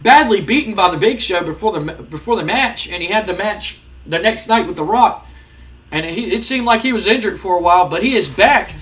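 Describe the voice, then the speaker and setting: A man narrating his wrestling management game, excitedly acting out the wrestlers' lines and reacting to results. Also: high voice, fairly quick. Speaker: gaming video host. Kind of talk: narrating a wrestling sim playthrough.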